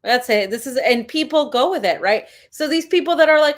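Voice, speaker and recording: Indignant woman co-host, slightly high voice. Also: brisk, hardly any pauses. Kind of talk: casual political chat.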